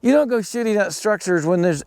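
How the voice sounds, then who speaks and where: A man's voice: high-pitched, brisk, no room sound. A middle-aged man hosting a podcast, telling a story casually and getting worked up and exclaiming as he goes. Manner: animated, gets worked up and exclaims. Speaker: podcast host.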